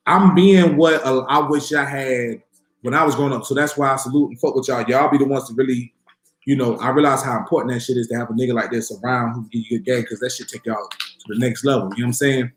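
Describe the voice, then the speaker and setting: A man hosting a livestream, telling stories and answering viewer questions in a casual, profane, animated way. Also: medium pitch, roomy sound. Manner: profane, animated storytelling with voiced quotes.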